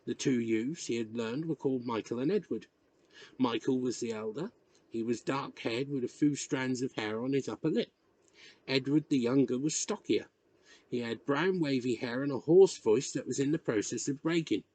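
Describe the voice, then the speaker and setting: A man reading a novel chapter aloud in measured, expressive narration. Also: medium pitch. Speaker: reader. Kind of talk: audiobook narration.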